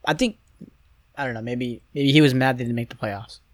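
A man's voice: mid-range voice, a little fast, no echo. A young man co-hosting a podcast, talking casually about basketball in a rambling, hesitant way with many restarts. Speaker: podcast co-host. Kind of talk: casual sports chat.

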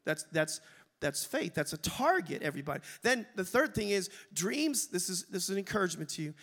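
A man's voice: high voice, very animated, brisk, fairly bright tone. A man preaching a sermon to his congregation, emphatic and calling out for amens. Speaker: pastor. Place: church sanctuary. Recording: long reverb of a church hall.

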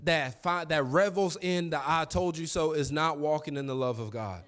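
A man's voice: a little high, moderate pace, fairly bright tone. A young man, preaching a sermon in a conversational, storytelling way with asides to the congregation. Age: young adult.

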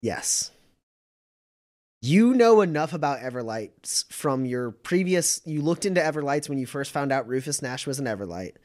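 A man's voice: medium pitch, sing-song, moderate pace, darkish tone. A man running a tabletop game as game master, narrating casually with frequent fillers.

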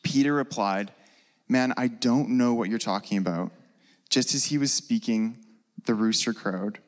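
A man gives a sermon in a loose, chatty manner, often pausing on fillers and restarting his sentences. His voice sits at an ordinary middle pitch. The sound carries a long reverb from a hall. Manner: casual, conversational, with many fillers. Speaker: preacher.

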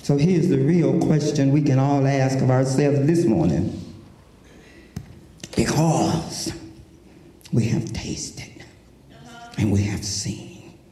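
A male preacher giving an impassioned sermon that climbs into shouts, in a church sanctuary with music playing. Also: mid-range voice, slow, long pauses, roomy sound.

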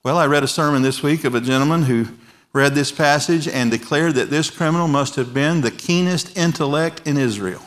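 A pastor in his forties preaching a sermon in a large church, earnest and emphatic, letting key phrases drop soft and quiet. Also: a little high. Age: 40s. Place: large church with overflow rooms.

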